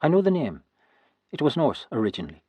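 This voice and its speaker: A man reading the lines of a proud young noblewoman, newly wed as a queen, in a measured, composed way for an audiobook. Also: mid-range voice, big pitch swings, warm tone, slightly rough, no echo, pitched above the performer's own voice. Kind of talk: audiobook character voice.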